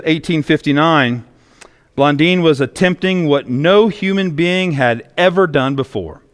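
A male pastor preaching a sermon in a church, telling stories with emphatic repetition. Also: on the high side. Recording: long echoey reverb.

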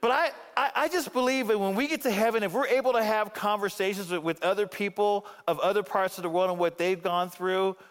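A man with a notably high voice delivers an animated sermon, rising to emphatic peaks and dropping to hushed asides. His words ring out with a long reverb trailing through the sanctuary. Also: fairly quick, hardly any pauses. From Phoenix area. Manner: animated preaching with wide swings between emphatic and hushed. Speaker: pastor.

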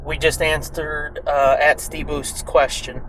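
A man's voice: fairly high pitch, slow pace, poor audio. A man co-hosting a podcast, chatting casually and swearing a lot as he tells stories from a moving car. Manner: animated storyteller, swears a lot, acts out quoted voices. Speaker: podcast co-host. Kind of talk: casual chat streamed live from a car. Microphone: phone held in hand. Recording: phone in a car, road noise.

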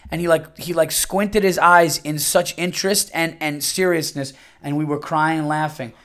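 A man's voice: fairly high pitch, steady tone, moderate pace. A man, under fifty, hosting a podcast in a casual monologue, blunt and crude, rambling with many fillers. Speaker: podcast host.

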